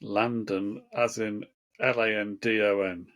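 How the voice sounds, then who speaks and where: A man chatting casually with a friend, mostly chiming in with short, dry one-liners. His voice sits a little low. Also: little pitch movement, unhurried, a bit bright. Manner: dry, brief quips. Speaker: co-host. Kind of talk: casual chat.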